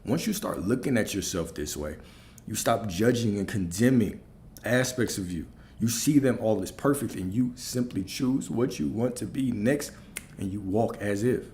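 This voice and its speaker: Low dark-voiced man preaching emphatically. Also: normal speed, slight background noise. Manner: emphatic, repeats key phrases, asks rhetorical questions. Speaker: spiritual coach. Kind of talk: preaching spiritual talk.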